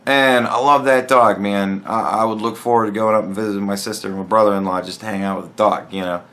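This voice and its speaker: A man's voice: on the low side, steady tone, fast, a bit bright. A man talking alone in a casual podcast monologue, blunt and profane, rambling with frequent restarts. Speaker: podcast host.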